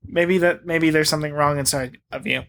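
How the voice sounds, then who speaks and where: A man's voice: on the high side, steady tone, fairly quick, vocal fry, a bit bright. A young man co-hosting a comedy podcast, ranting in mock exasperation and laughing along. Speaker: podcast co-host. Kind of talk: casual comedic banter.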